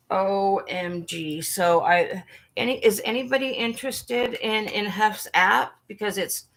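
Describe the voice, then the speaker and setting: A woman hosting a casual livestream chat, talking earnestly and haltingly with frequent restarts. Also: lowish voice, a bit bright. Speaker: livestream host.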